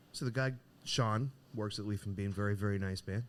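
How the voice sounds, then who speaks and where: Man, middle-aged, low voice, lively storyteller in casual podcast chat. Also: a little fast. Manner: animated, acts out the voices in his story. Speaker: podcast co-host. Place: cigar shop.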